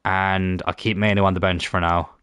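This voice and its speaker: A man's voice: low voice, flat delivery, moderate pace, a bit bright, clean tone, dry recording. A man casually commenting on a football management game, often grumbling and swearing at it. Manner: frustrated, muttering, swears at the game. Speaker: gaming YouTuber.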